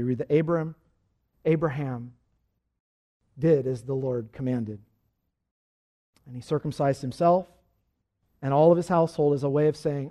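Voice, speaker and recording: A male pastor delivering a sermon in a voice pitched a little high for a man. He moves from soft, hushed stretches to loud, climbing peaks and calls on the congregation to repeat lines back to him. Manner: swells from hushed to loud preaching, leads the congregation in call-and-repeat.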